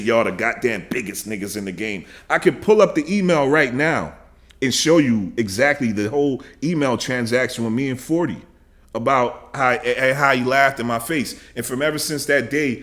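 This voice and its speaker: A man in his thirties hosting a reaction video, ranting angrily and profanely, repeating himself and shouting in bursts. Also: mid-range voice.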